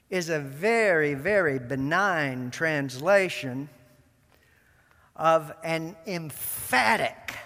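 A man preaching a sermon to his congregation, deliberate and emphatic, repeating key words with long pauses. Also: on the high side, expressive, creaky, pushed and bright. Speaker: pastor. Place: church sanctuary. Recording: long reverb of a large church.

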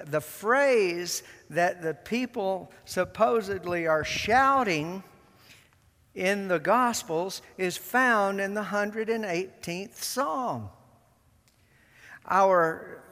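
A man preaching a sermon to his congregation, deliberate and emphatic, repeating key words with long pauses. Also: sits high, a bit bright. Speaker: pastor. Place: church sanctuary. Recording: long reverb of a large church.

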